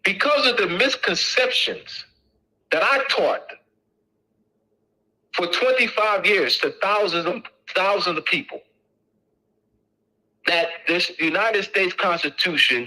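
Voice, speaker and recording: Speaking a little slowly and pausing often, a middle-aged man lectures in a high, sharp, forceful voice. He hammers points through repetition with a casual but insistent manner, and the recording is rough.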